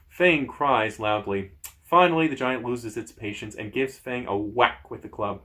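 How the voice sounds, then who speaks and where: A man hosting a gamebook playthrough, reading the story aloud in a lively way with casual asides to viewers. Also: medium pitch. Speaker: host.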